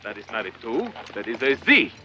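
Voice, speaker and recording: A man's voice: mid-range voice, big pitch swings, brisk, sharp tone, slight background noise. An actor playing a proud, theatrical masked swordsman hero in a film clip. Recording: dull film audio with music.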